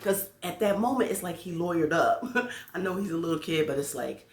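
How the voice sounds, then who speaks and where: A woman's voice: lowish voice, moderate pace, creaky, a little mellow, a little hiss or hum. A woman who works as a teacher, telling a story to her viewers in a casual, playful way, laughing as she goes. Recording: echoey room.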